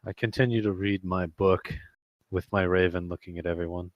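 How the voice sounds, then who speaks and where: A man playing a tabletop game, speaking in a slow, halting way. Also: low-pitched, fairly even intonation, dry recording, highs cut off.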